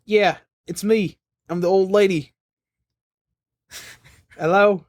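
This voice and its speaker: A man's voice: sits high, fairly even intonation, slow pace, voice pushed up. A man voicing a silly old lady from the Australian desert, in a mock Australian accent. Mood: goofy.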